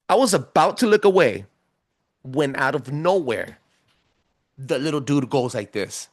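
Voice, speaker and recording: A man telling a story as a podcast guest in a casual, animated way, full of slang. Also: fairly high pitch, normal speed, no echo, clean studio sound. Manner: animated, slangy, keeps saying bro.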